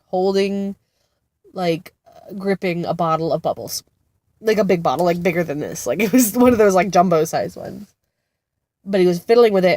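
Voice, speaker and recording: Sitting in what seems like a car outside a therapy center, a vlogger and mother of two in her thirties chats casually, sounding congested and sick. Her fairly low voice is a little mellow, and she rambles and laughs with many fillers. The recording is dry and close, with no sense of a room around her.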